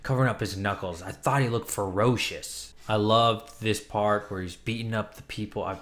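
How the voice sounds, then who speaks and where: A man's voice: fairly low pitch, fairly even intonation, normal speed, fairly bright tone. A man casually reviewing a comic book, retelling the plot with enthusiastic, chatty energy.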